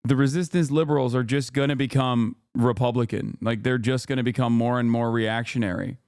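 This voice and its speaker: A man's voice: mid-range voice, fairly even intonation, fairly quick, darkish tone, clean tone, no room sound, clean studio sound. Exasperated man ranting on a stream. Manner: exasperated, profane, reads posts aloud. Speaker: streamer host. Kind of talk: casual livestream commentary.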